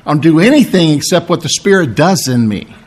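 Male pastor, sermon, slightly high voice, strained, throat-clearing, explanatory. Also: lively intonation, a little fast, darkish tone. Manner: explanatory, asks "okay?" and "all right?" for agreement. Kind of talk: sermon, Bible teaching.

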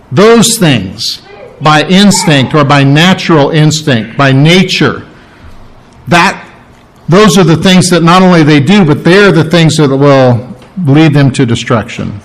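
A man preaching a sermon, animated and playing out quoted voices as he teaches. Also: a little high, low-quality recording. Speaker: pastor.

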